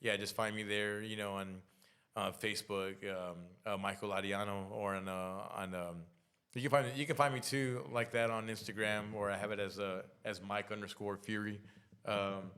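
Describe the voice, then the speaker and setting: Male guest, easygoing, lowish resonant voice, halting casual delivery. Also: clear, resonant tone. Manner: relaxed, says dude and man, halting with fillers. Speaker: podcast guest, drummer. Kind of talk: casual chat.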